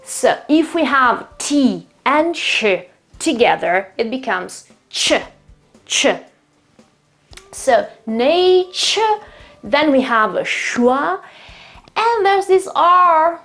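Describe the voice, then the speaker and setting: A woman from Italy with an Italian accent, a native Italian speaker, hosting an online English lesson in a chatty way and repeating words slowly to model their pronunciation. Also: high-pitched, lively intonation, a bit bright. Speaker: English teacher, channel host.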